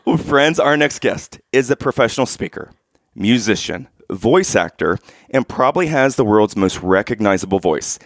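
Upbeat man, podcast co-host, animated delivery, dry booth. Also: medium pitch, normal speed, no echo. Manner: upbeat, eager. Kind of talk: enthusiastic interview podcast.

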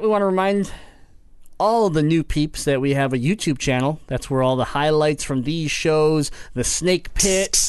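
A male podcast host with a smooth, resonant voice, chatting casually about games. He rambles comfortably, full of fillers and restarts. The recording is dry and close, with no room sound. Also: fairly high pitch, no echo. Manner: relaxed, rambling, with many fillers.

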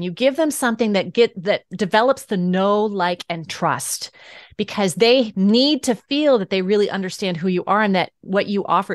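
Animated woman voice coach, dry sound. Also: mid-range voice, no echo. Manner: animated, laughs often, coaching tone. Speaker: guest speaker and voice coach. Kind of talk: podcast interview answers.

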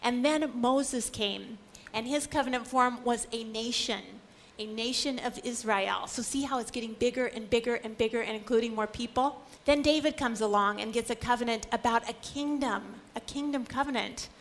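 Woman lecturer, faith teaching, higher voice, repeats lines for emphasis, lively delivery. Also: normal speed, slight background noise. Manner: animated, repeats phrases for emphasis, acts out quoted voices. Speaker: Catholic lecturer. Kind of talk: teaching lecture to a live group.

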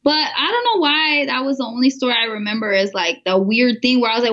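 Woman with a high voice, giggly hesitant storytelling, kinda dull lo-fi sound. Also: a little fast, fairly bright tone. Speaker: podcast co-host. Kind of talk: casual chat.

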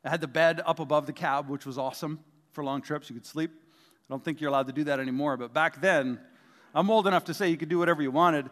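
Middle-aged male pastor, high voice, jokey self-deprecating sermon delivery, long church reverb. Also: quick pace, fairly bright tone. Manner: humorous, self-deprecating storytelling. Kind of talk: sermon with personal stories.

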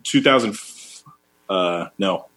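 A man's voice: low-pitched, slow pace, faint music behind. A man in his thirties co-hosting a casual chat, telling an anecdote and acting out the quoted voices. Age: 30s. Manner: animated storyteller, acts out quotes. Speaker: podcast co-host.

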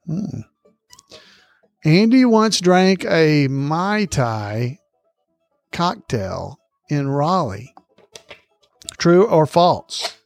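Over faint music, with no echo, a man speaks in an animated, highish voice with some vocal fry. Hosting a podcast trivia quiz on a close microphone, he chuckles a lot and reads each question slowly before repeating it.

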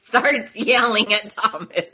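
Woman, podcast host, casual recap chat, bright voice, muffled lo-fi sound. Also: fairly high pitch, slow pace, husky. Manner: chatty, laughs often, acts out quotes.

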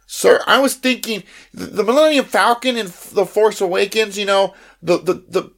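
A man's voice: sits high, fairly bright tone, pitched above the performer's own voice. A man voicing a fussy, earnest young male fan who halts and repeats himself as he asks a picky question. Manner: halting, repeats words.

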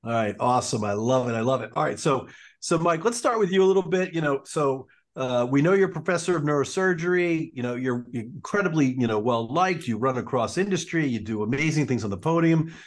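Upbeat male host, eager interviewer, mid-pitch voice. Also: lively intonation, brisk. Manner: enthusiastic, repeats "I love it". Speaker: podcast host, orthopedic surgeon.

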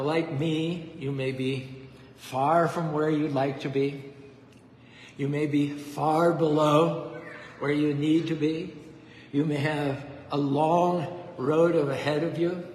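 A man's voice: on the high side, slight background noise. Fervent preaching man in an echoey hall. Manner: fervent, rhythmic preaching with repetition. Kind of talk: devotional sermon with storytelling. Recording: echoey hall with faint ambience.

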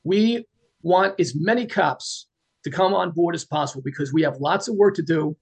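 Gravelly, husky-voiced earnest man. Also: on the high side, moderate pace, faint music behind. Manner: earnest, plain-spoken. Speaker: guest, retired police officer. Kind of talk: casual interview talk.

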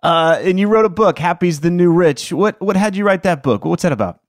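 A man's voice: high-pitched, expressive, fairly quick, no room sound. Male podcast host, enthusiastic and affirming, dry close sound. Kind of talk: casual interview conversation.

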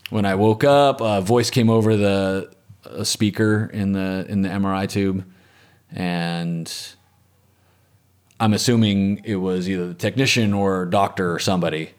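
A man telling a personal story in an interview, calm and reflective, often letting his voice trail off softly. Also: low-pitched, a little slow. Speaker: interviewee, former medic and lifeguard.

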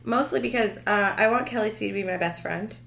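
A woman co-hosting a casual podcast, talking in a gushing, excitable way with lots of emphasis. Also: medium pitch, fairly quick, vocal fry, slight background noise. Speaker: podcast co-host.

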